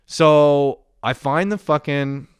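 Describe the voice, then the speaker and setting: A man's voice: fairly high pitch, slow pace, clean tone, dry recording. A young man telling a rambling, profane story in a casual monologue, often getting worked up as he retells it. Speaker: vlogger.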